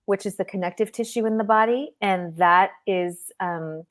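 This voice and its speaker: A woman's voice: medium pitch, normal speed. Middle-aged woman, guest panelist, earnest storyteller, mid-range voice, video call. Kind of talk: personal storytelling on a live stream.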